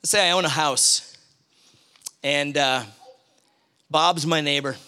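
A man's voice: fairly high pitch, takes it slowly, bright, forceful tone, clear, resonant tone. A man preaching a sermon in a conversational way, telling a story from his own life and acting out his anger.

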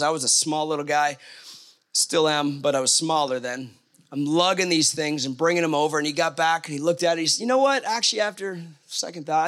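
A middle-aged man telling a personal story in a sermon, with animated asides. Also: on the high side.

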